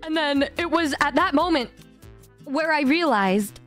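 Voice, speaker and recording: High-voiced giggly woman streamer. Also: lively intonation, measured pace, fairly bright tone, soft background music. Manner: giggly, swears freely, stammers and repeats words. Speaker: vtuber streamer. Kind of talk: casual storytelling chat.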